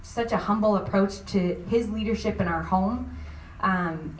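A woman in her thirties speaking on a church women's panel, halting and restarting often as she shares from her own marriage. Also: medium pitch, a little hiss or hum. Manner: halting, many restarts and fillers. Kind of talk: faith-based panel talk. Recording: roomy sound from a distant mic.

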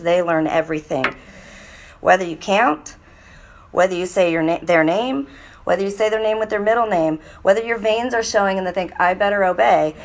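Woman speaker with a gravelly edge, lively, coaching mothers on parenting before a live audience. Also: medium pitch. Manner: lively, mimics children's voices in quotes. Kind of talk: instructive talk to a live audience.

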